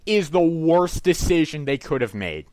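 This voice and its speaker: Blunt man, higher voice, dry sound. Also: sing-song, moderate pace, a little mellow, dry recording. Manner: blunt, emphatic, repeats his complaints. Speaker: co-host of a movie review show. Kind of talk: casual review chat.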